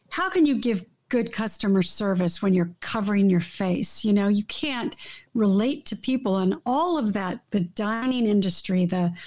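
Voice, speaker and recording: A woman's voice: mid-range voice, darkish tone. A woman talking in a casual, emphatic way, often trailing off and restarting her sentences. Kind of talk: casual conversation. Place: Los Angeles.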